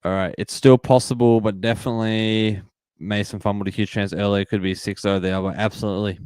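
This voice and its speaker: A man in his twenties with an Australian accent, hosting a live sports watch-party stream and chatting excitedly while reading out and greeting viewers from the chat. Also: fairly low pitch, fast talker, smooth, no room sound. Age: 20s. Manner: upbeat, reads and greets chat viewers, repeats phrases. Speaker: livestream host.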